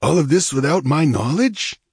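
A man's voice: a little high, animated, moderate pace, breathy edge, dry recording, studio quality, pitched above the performer's own voice, full character voice. A man reading aloud, voicing a hot-tempered, ambitious male bandit chief with a commanding, sardonic manner. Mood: angry, menacing.

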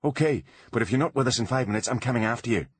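A feisty young female wrestler, voiced by a man reading a storybook aloud. She talks quick and spirited, her pitch pushed well up from his own husky tone. The sound is close and dry. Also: dry recording, natural voice. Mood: urgent.

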